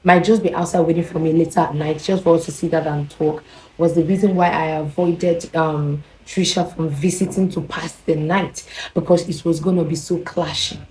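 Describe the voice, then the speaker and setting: A young woman with a Nigerian accent telling a personal story to camera in a rambling, animated way. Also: sits low, normal speed, a little hiss or hum, low-quality recording. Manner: rambling, animated, with restarts and quoted dialogue. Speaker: vlogger.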